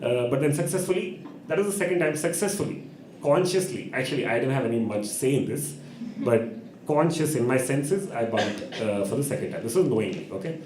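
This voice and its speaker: A man telling an animated story at an open mic, acting out voices and laughing often. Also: mid-range voice, a little fast, reverberant, a little hiss or hum. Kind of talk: storytelling on stage. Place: live open mic venue.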